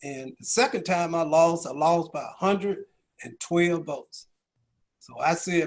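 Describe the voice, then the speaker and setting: With a fairly high pitch and a measured pace, a middle-aged man from Georgia, US, speaks as a county chief executive at a business round table. His storytelling mixes rhetorical questions with folksy asides.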